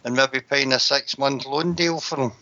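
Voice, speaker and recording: A man giving his views on football in casual radio chat, measured and reasoning. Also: mid-range voice, fairly even intonation, bright, forceful tone. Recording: dull lo-fi broadcast audio.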